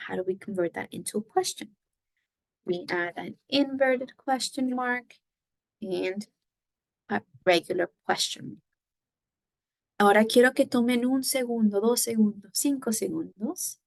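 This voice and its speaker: A woman's voice: medium pitch, gravelly, dry recording, poor audio. A woman teaching a Spanish lesson, explaining patiently step by step and moving between English and Spanish. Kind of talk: recorded classroom lesson.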